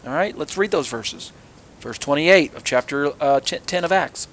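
A man's voice: on the high side, animated, measured pace, fairly bright tone, slight background noise. A middle-aged man teaching a sermon on scripture, earnest and fond of rhetorical questions and sarcastic asides. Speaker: Bible teacher.

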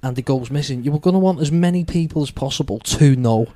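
A man's voice: fairly high pitch, fast, mellow. A man hosting a podcast, rambling through his opinions with lots of swearing. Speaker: podcast host. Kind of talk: casual podcast chat.

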